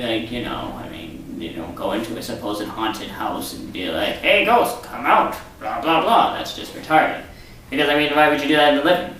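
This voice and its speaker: A vlog host with a medium-pitched, fairly bright voice rambles through a sarcastic rant in a casual monologue. He sits far from the mic, and the echoey room adds a faint hiss.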